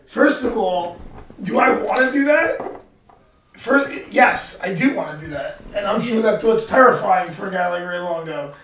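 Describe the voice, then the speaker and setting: A middle-aged man with a high voice hosts a podcast in a studio, talking in a profane, rambling, animated way. His voice sounds roomy and set back from the mic. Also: moderate pace, recorded from a distance, a little hiss or hum. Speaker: podcast host and fighter. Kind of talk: casual studio chat.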